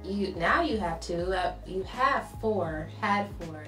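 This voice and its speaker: A woman's voice: medium pitch, animated, slow, sharp tone, poor audio. A woman vlogging a trip in a playful, chatty way, laughing easily. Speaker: travel vlogger. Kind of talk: casual vlog chat. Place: out and about on a trip. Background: music.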